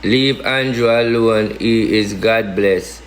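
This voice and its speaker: A man's voice: lowish voice, slow pace, reverberant. A man from Jamaica with a Jamaican Patois accent, giving a casual political rant with emphatic, repetitive, slangy talk. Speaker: political commentator.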